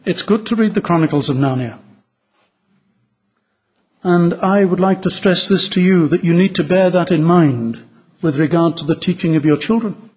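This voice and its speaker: A man preaching a sermon to fellow ministers, earnest and measured, reading a story aloud with drama. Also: high voice, darkish tone, breathy edge.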